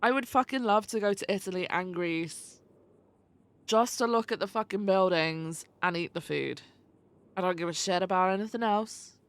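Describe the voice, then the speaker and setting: A woman's voice: mid-range voice, normal speed. A young adult woman streamer chatting casually with her viewers, greeting them by name and swearing freely. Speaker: livestreamer.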